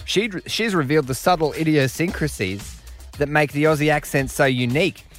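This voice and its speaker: A man's voice: fairly high pitch, normal speed, fairly bright tone. A man hosting a radio show in a casual, joking way, with faint music behind him. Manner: jokey, chatty, puts on voices. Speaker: radio host.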